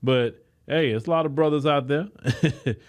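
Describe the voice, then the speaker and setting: An American man with an African American English accent, hosting a podcast and delivering an emphatic, preachy commentary monologue that is full of repeated words and restarts. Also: moderate pace. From United States. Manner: animated, swinging from raised to low, quiet asides. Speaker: podcast host.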